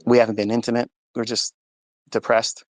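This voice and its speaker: A man's voice: medium pitch, little pitch movement, normal speed, no room sound. A man telling an emotional personal story of faith, earnest and emphatic, acting out the dialogue as he goes. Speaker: speaker sharing a personal testimony. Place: at home. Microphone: phone for a live audio chat.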